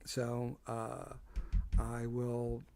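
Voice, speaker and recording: A man's voice: mid-range voice, monotone, drawn-out words, vocal fry, darkish tone, no echo. A man with a Delaware County Philadelphia accent, hosting a casual solo livestream from his home porch setup, rambling and self-deprecating with many fillers. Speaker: host. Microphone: desk microphone.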